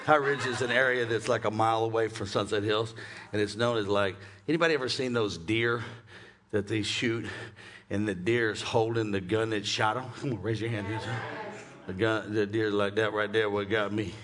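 A male pastor, preaching an animated, joking sermon and calling on the congregation to shout back. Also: fairly low pitch, normal speed, a crowd in the background. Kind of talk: lively sermon with congregation call-and-response.

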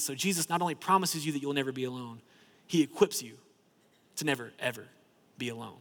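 A man's voice: mid-range voice, fairly quick, long pauses, fairly bright tone. A man preaching a sermon in a church, in a conversational style that fills with "like" and repeats words. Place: church sanctuary. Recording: long hall reverb.

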